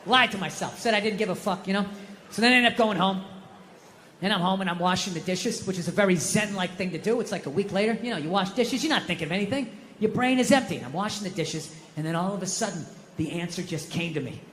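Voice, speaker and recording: A man's very high, bright voice tears through a profane stand-up rant, breaking into shouted bursts. It rings out with a long hall reverb and faint noise underneath, as from a big theater stage. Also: expressive, quick pace. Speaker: stand-up comedian. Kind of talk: stand-up comedy.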